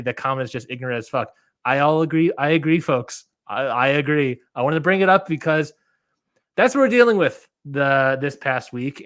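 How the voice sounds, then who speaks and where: Male podcast co-host, casual, full of fillers and restarts; higher voice, dry close mic. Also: fairly bright tone, smooth, no echo. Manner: rambling, many fillers and restarts. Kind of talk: casual chat.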